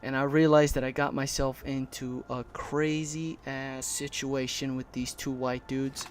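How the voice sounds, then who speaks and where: A man telling a heated, animated story about a bad collecting experience, his voice shaking with anger and peppered with swearing. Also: mid-range voice, a little slow, a little hiss or hum. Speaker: collector vlogger. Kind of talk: casual storytime.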